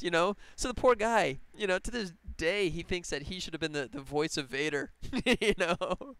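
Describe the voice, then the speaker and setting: A man's voice: high-pitched, moderate pace, few pauses, a bit bright, smooth, dry recording. A man chatting casually on a live stream while working on a game, rambling and laughing as he talks. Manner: rambling, enthusiastic, laughs often.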